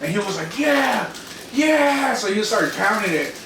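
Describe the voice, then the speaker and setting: A man's voice: sits high, a little fast. A young man in his twenties trades party stories on a podcast, cursing casually and jumping into quoted voices. He sits back from the mic in an echoey room with a noisy background. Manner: animated, profane, acts out quoted voices. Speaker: podcast co-host. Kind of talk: casual storytelling chat. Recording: roomy, distant mic, noisy.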